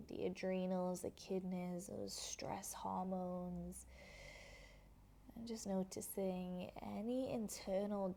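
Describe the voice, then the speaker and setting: A woman's voice: lowish voice, gravelly, dark tone. A woman teaching a guided yoga class, coaching movement and breath in a soothing way, with audible sighs as she breathes out.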